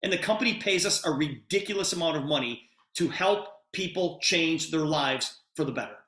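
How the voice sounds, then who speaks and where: Man host on a video call, pushy and enthusiastic, voice a little high, echoey room. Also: moderate pace, bright, forceful tone. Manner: urgent, emphatic, enthusiastic. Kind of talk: sales pitch on a video call.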